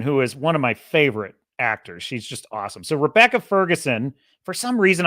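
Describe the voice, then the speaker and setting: Man, podcast host, enthusiastic, rambling, bright slightly high voice, dry close sound. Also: no room sound. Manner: enthusiastic, rambling, self-correcting. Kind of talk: casual film review monologue.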